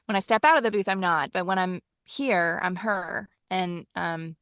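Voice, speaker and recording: A woman's voice: on the low side, normal speed, fairly bright tone, clear, resonant tone, no room sound, clean studio sound. A woman from Texas with a Texan accent, an audiobook narrator chatting animatedly in an interview, with frequent ums. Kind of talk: casual interview chat.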